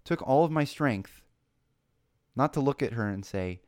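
Casual male host, 30s, lively storyteller with emphatic swings, dry close mic. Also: medium pitch, a little slow, dry recording. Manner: animated storytelling, rising to passionate emphasis. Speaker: podcast host. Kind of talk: casual chat.

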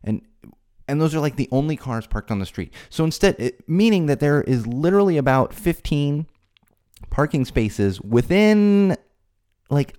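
A man hosting a solo podcast, ranting in an exasperated way, his voice climbing high when he gets worked up. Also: dark tone. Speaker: podcast host. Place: home studio.

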